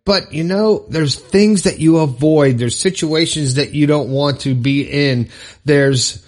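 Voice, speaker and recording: A man's voice: fairly high pitch, a little slow. A man hosting his own motivational podcast alone, talking casually and upbeat with frequent fillers and asides. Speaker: podcast host. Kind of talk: solo motivational podcast monologue.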